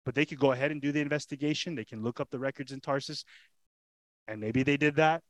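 A pastor preaching with animated storytelling, firing off rhetorical questions and repeating his points for weight. His voice sits at an ordinary man's pitch. The sound is dry and close, with no room echo. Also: fast talker. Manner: repeats lines for emphasis. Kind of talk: expository sermon.

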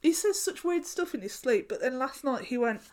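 A woman's voice: high-pitched, expressive, normal speed, a little mellow. A woman co-hosting a podcast in casual chat, blunt and teasing as she tells stories. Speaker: podcast co-host.

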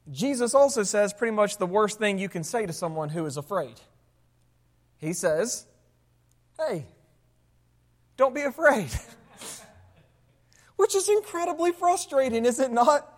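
A pastor preaching a sermon to a congregation, asking them rhetorical questions and adding sarcastic asides. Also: medium pitch. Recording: long hall reverb.

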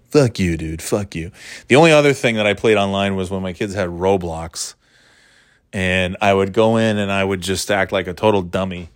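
A man casually rambling about video games as a dad, cussing freely and breaking into loud mock quotes. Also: low-pitched, a little fast, clean tone, no room sound, studio quality.

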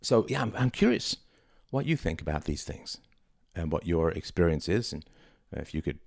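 A middle-aged man with a very low voice talks on his own show in a reflective, conversational way, leaning hard on key words. The recording is dry and close, with no room sound. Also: very animated, moderate pace, gravelly, no echo. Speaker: podcast host. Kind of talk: solo monologue.

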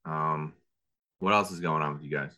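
Deep-voiced, bright, rambling dad. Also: male voice, moderate pace. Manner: relaxed, rambling, frequent fillers. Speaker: podcast co-host. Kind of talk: casual chat.

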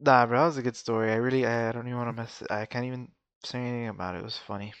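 A man's voice: mid-range voice, fairly even intonation, rapid-fire, clean tone, dry recording. A man co-hosting a podcast, chatting casually with profane, laughing banter. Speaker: podcast co-host. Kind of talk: casual chat. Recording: dry, dull lo-fi sound.

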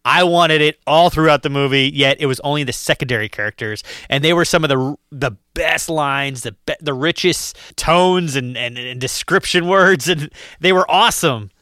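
A man from Massachusetts co-hosting a podcast, chatting casually in quick, animated rants with some swearing. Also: fairly high pitch, smooth, dry recording, studio quality. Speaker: podcast co-host.

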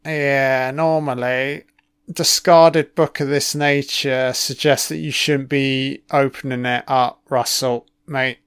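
Bloke doing film commentary, swears a lot, sarcastic, slow and smooth. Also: male voice, mid-range voice, a bit bright, dry recording, clean studio sound. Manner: profane, sarcastic running reactions. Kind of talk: casual first-watch film commentary.

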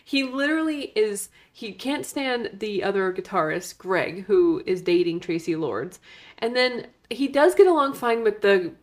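A woman's voice: medium pitch, expressive, a little slow. A woman co-hosting a movie podcast, commenting with exasperated disbelief in casual chat. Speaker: podcast co-host.

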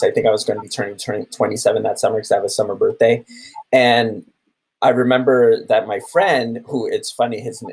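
A man's voice: lowish voice, creaky, slightly rough, rough recording. Man in his thirties telling stories. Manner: animated storytelling with many restarts and acted quotes. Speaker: camp theater director. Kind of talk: podcast conversation.

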